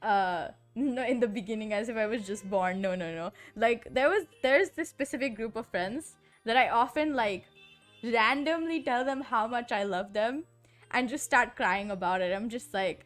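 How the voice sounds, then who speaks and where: A woman's voice: fairly high pitch, normal speed, faint music behind. A woman streamer in casual chat, rambling with lots of "like" and frequent giggles. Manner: giggly, rambling, heavy use of filler "like".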